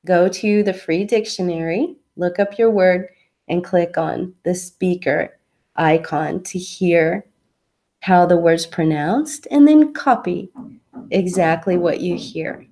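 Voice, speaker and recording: A woman teaching English online, explaining pronunciation tips patiently with examples. Her voice is soft and mellow, and she talks at an unhurried, deliberate pace, as if giving the student time to follow. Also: fairly low pitch. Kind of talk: online English lesson, answering a student's question.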